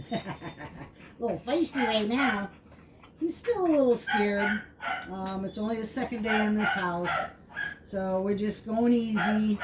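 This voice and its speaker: A woman explaining puppy training in a casual, chatty way, full of fillers, switching to high baby talk for the dog. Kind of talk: casual vlog narration. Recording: distant mic with clear background noise.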